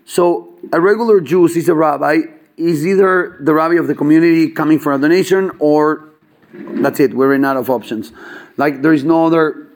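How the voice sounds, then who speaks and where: Animated man telling a story. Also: a little high, normal speed. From Chabad yeshiva student background. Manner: animated, acts out quoted dialogue, many fillers. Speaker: storyteller at a gathering. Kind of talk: casual storytelling.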